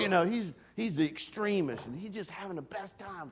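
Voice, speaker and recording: A man preaching a storytelling sermon, self-deprecating and animated, dropping to hushed asides and then rising to loud, excited bursts. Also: high-pitched, normal speed, hardly any pauses, crowd noise. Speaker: pastor.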